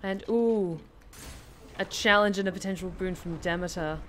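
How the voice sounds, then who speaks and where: A woman streaming a video game, chattily thinking aloud and reacting excitedly. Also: medium pitch, moderate pace, soft background music. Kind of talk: live game commentary.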